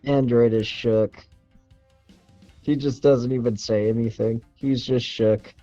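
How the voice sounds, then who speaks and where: A man playing a tabletop game, joking in a relaxed, slangy way. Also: mid-range voice, takes it slowly, dry recording, lo-fi sound, faint music behind. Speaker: player.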